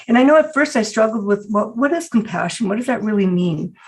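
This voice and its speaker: A woman's voice: medium pitch, expressive, a little fast, poor audio. A woman hosting a podcast interview, talking in a reflective, conversational way with many filler phrases. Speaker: podcast host and conflict coach.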